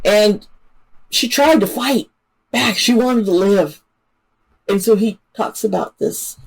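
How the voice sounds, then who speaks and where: A woman in a middle-pitched voice talks through a true-crime case in loose, casual commentary. She is chatty and openly emotional, trailing off and restarting her sentences, and leans on plenty of fillers. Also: slow, creaky, rough recording. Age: adult parent. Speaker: channel host.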